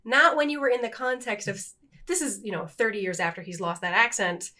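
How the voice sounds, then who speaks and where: Middle-aged woman cohosting a podcast, kinda high voice, chatty, pokes fun at herself. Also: a little fast. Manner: animated, self-deprecating, laughs at herself. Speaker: podcast co-host. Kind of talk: casual chat.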